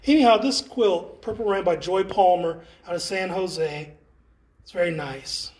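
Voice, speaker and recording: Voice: mid-range voice, unhurried, darkish tone. An enthusiastic, chatty guide leading a casual walking tour through an indoor art gallery exhibit, with playful exclamations.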